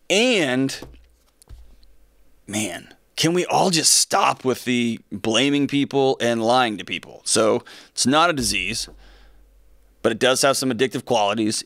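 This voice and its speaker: A man hosts his studio show in a dry, close sound with no room around him. His pitch sits in an ordinary middle range, and he talks with energy, wanders off on tangents and throws in jokes as he goes. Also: no echo. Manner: energetic, rambling, joking asides. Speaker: podcast host. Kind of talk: casual studio chat. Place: podcast studio. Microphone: studio mic with earphones.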